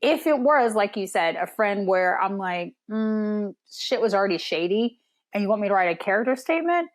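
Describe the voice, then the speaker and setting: A woman's voice: mid-range voice, expressive, brisk. A woman appearing as a guest on a podcast, chatting casually, swearing now and then and acting out what people might say. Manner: chatty, acts out quoted voices, swears casually. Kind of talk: casual chat.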